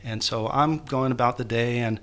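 Bright-voiced man telling a personal story. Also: medium pitch, steady tone. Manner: halting, emotional, many restarts. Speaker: guest author.

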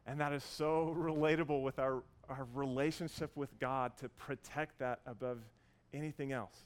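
A man in his thirties preaching a sermon, earnest and warm as he tells a story, with frequent restarts. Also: medium pitch, steady tone, moderate pace, clear, resonant tone. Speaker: pastor.

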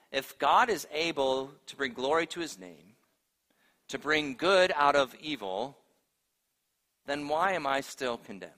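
Pastor guy preaching, bright forceful voice, big echoey church sound. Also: medium pitch. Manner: earnest preaching, rising to emphatic proclamation then softening to appeal. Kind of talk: sermon.

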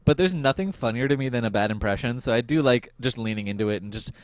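A young man hosting a podcast, recapping an episode in casual chat, laughing often and filling pauses with "um" and "like". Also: medium pitch, clean tone, no room sound. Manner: laughs often, goofy and animated, lots of fillers. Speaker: podcast host.

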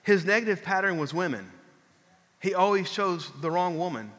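A man's voice: high voice, moderate pace. A man in his fifties, a pastor preaching a conversational sermon, telling stories and acting out quotes. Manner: conversational storytelling, animated, acts out quotes. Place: church. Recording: long reverb of a large hall.

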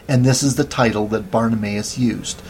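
A man preaching a sermon in a measured way, reading out and citing scripture verses. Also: on the low side, fairly even intonation, darkish tone, a little hiss or hum.

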